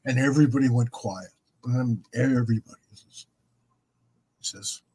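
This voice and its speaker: A man's voice: medium pitch, normal speed, long pauses, dark tone, husky, low-quality recording. A man in his seventies, a podcast host telling a long rambling anecdote in casual chat, with repeats and restarts. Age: 70s.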